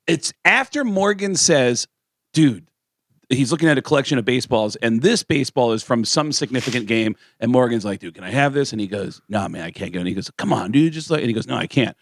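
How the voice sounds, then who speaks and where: A man co-hosting a radio talk show, telling stories in a lively way and acting out the people he quotes. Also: mid-range voice, a little fast, dry recording. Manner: animated storyteller acting out quotes in voices. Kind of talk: casual storytelling chat.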